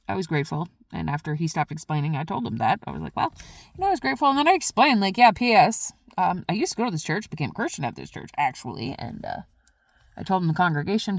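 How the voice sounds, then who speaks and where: Here a female vlogger tells a meandering, lively story, voicing her own past remarks as she goes. She speaks with a lowish voice in a dry, echo-free recording.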